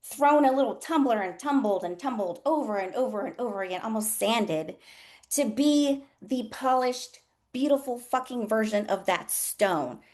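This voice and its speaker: A woman's voice: a little high, animated, moderate pace, a little mellow. A woman who works as a nurse coach, hosting a candid motivational talk with a group and swearing freely in an earnest, emotional way. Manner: talks to listeners as y'all.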